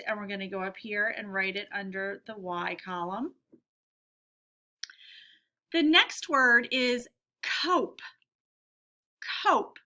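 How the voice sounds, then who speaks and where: Woman teacher doing a phonics lesson, slow careful talk, bright voice, repeats each word twice. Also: mid-range voice. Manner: slow, clear word-by-word dictation.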